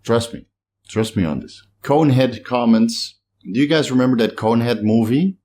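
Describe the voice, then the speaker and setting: A man's voice: mid-range voice, lively intonation, moderate pace, dark tone, slight background noise. A middle-aged man with a slight Dutch accent, chatting casually to camera as he reads out and answers viewer comments. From Netherlands. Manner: rambling, chatty, self-deprecating. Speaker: bodybuilding channel host. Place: home in a hot climate.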